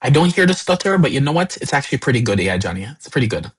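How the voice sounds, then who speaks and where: A man teaches a live workshop in a husky voice at a middle pitch. He talks loosely, repeating words and leaning on fillers as he explains. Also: sing-song, fast, rough recording. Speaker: workshop instructor.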